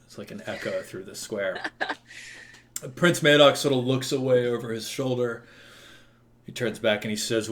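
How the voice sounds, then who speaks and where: A man's voice: fairly low pitch, measured pace, fairly bright tone. A man running a tabletop role-playing game as game master, narrating loosely with lots of fillers.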